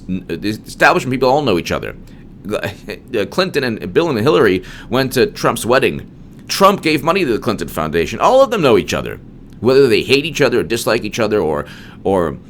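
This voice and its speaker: A man's voice: lowish voice, fairly bright tone, a little hiss or hum. A man hosting a solo political commentary monologue, emphatic and digressive, with frequent restarts.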